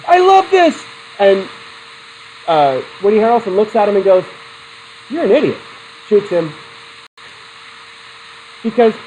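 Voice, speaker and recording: A psychology instructor teaches a class in a chatty, digressive way, laughing often between points and putting questions to his students. His voice is high and mellow, and the low-quality recording has a little hiss or hum.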